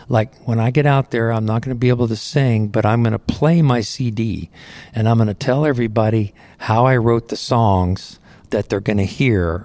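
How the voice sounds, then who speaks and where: A man's voice: medium pitch, a little mellow, dry recording. A middle-aged man, a Christian singer, earnestly tells his testimony in a conversational way, often saying "you know", on a close studio microphone. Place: recording studio.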